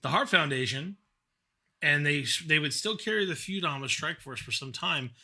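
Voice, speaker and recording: Bright-voiced male podcast co-host. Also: a little high, expressive. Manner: rambling, restarts and quick asides. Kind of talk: casual chat.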